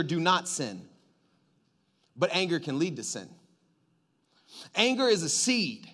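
A man preaching a sermon in a lively, joking way, getting the congregation to call back to him. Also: sits high. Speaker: pastor.

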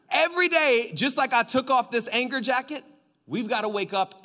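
High-voiced lively preacher man. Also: moderate pace. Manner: lively, joking, call-and-response with the congregation. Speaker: pastor. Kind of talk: sermon.

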